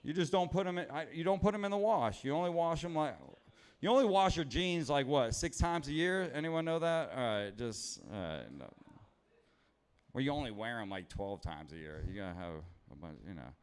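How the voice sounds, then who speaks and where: A man in his thirties from Los Angeles, USA, performs stand-up on a club stage in a fairly high, clean-toned voice that is animated and at normal speed. He rambles, swears, and pokes fun at himself while working the crowd.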